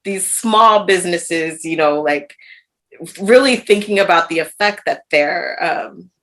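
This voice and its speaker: A woman podcast host with a fairly low voice, chatting casually and effusively. She laughs often and responds with lots of enthusiasm. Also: a little slow, fairly bright tone. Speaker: podcast host, nonprofit founder. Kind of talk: casual conversational interview.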